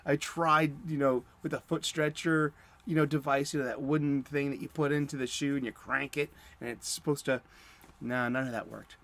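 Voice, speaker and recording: A middle-aged man hosts a comics talk show, rambling casually in a chatty monologue packed with fillers, restarts and chuckles. His voice is medium in pitch and fairly bright, with a steady tone and a normal speed.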